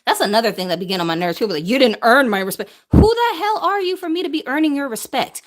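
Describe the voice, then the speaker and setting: A woman in her thirties talks straight to her audience in a live question-and-answer stream. She is blunt and opinionated. Her voice sits a little high and swings widely in pitch. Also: big pitch swings, very fast. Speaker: doll collector vlogger. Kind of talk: live Q&A monologue.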